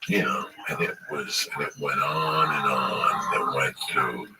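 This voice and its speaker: A man's voice: very deep voice, fairly even intonation, measured pace. A man telling a rambling, profane story in casual chat and acting out the dialogue. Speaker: podcast host telling a story. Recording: distant mic with clear background noise.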